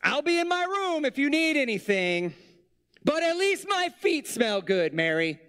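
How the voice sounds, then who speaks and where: A man's voice: big pitch swings, unhurried, a bit bright, full character voice. A man voicing a whiny, exasperated male Jesus who rants and throws a tantrum. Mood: whiny, indignant. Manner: shrill, exasperated ranting.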